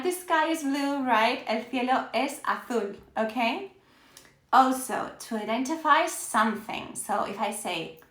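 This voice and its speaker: Spanish-accented woman, upbeat live teacher, bright tone, echoey room. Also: fairly high pitch. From Spain. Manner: upbeat, checks in with "okay?" after nearly every phrase. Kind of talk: live-streamed language lesson.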